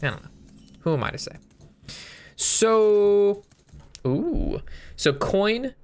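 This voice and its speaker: A man's voice: fairly high pitch, huge pitch swings, normal speed. A man giving casual gameplay commentary, thinking through his moves aloud and sometimes breaking into a sweary rant. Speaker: game streamer.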